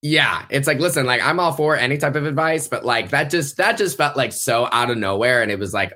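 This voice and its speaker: A man's voice: medium pitch, animated, fairly quick, few pauses, pushed and bright. Laid-back slangy male co-host. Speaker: podcast co-host. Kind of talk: casual chat.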